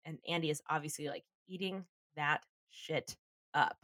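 Low-voiced woman, chatty recap host. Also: steady tone, normal speed, a bit bright, dry recording, clean studio sound. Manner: chatty, laughs often, swears casually. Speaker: podcast co-host recapping a TV episode. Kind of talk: casual chat.

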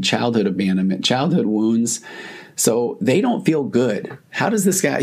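A man's voice: on the low side, darkish tone, husky. A man hosting a podcast, talking earnestly and reassuringly straight to the listener. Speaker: podcast host. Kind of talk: reflective podcast monologue.

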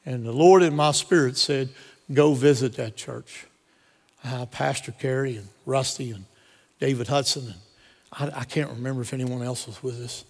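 A pastor preaching a sermon, driving points home through repetition and telling personal stories. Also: male voice, mid-range voice, moderate pace, vocal fry. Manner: repetitive emphatic preaching cadence. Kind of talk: sermon with storytelling. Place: church sanctuary. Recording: long reverb of a church hall.

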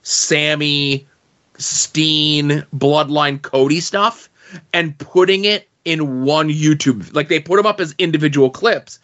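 A man's voice: on the high side, a bit bright, muffled recording. A man co-hosting a wrestling podcast in casual chat, hesitant and full of fillers and restarts. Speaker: podcast co-host.

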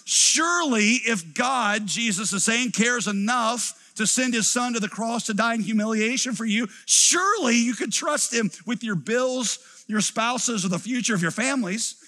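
A middle-aged man preaching a sermon as a pastor, acting out quoted voices and then dropping to quiet emphasis. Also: very high-pitched, moderate pace, few pauses. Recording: preached in a large reverberant hall.

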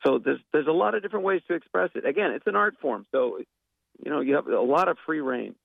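A man's voice: on the high side, expressive, fast, gravelly, no echo, phone-quality sound. A man being interviewed as a guest actor and impressionist, talking in a rambling, thoughtful way with many fillers and restarts. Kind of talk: casual interview talk.

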